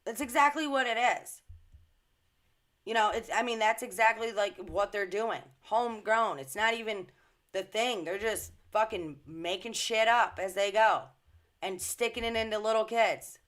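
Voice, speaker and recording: A woman on her own channel, ranting to her followers about the news with indignant emphasis and plenty of swearing. Her pitch sits in a middle range. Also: moderate pace, fairly bright tone. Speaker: social media commentator. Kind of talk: casual ranting commentary.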